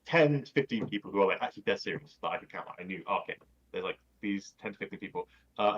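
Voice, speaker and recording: Man, low voice, casual rambling chat, filler-heavy, swears, muffled lo-fi call audio. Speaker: podcast guest. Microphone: video call.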